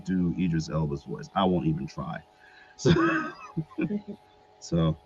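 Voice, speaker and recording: A man's voice: extremely low pitch, slow, warm tone, a little hiss or hum. A man being interviewed as an actor who talks casually and hesitantly, with many fillers. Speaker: actor guest. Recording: dull lo-fi recording.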